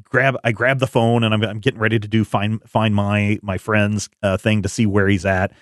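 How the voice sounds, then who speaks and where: A middle-aged man with a lowish voice talks loosely, full of ums and restarts as he tells a story. The sound is close and dry, with no room around it. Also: level tone, moderate pace, no echo. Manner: rambling storyteller with many fillers. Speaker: podcast host. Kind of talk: casual chat.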